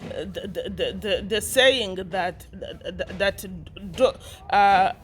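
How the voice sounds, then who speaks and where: A woman from Uganda vlogs casually to camera with teasing, mocking commentary, rambling and repeating herself with many restarts. Her medium-pitched voice moves slowly, with slight background noise.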